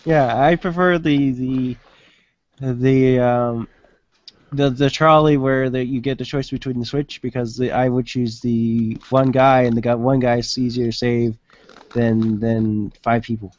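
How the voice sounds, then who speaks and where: A man in a casual group chat, halting and restarting his sentences often. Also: medium pitch, little pitch movement, a little mellow, no room sound, lo-fi sound. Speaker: panel guest.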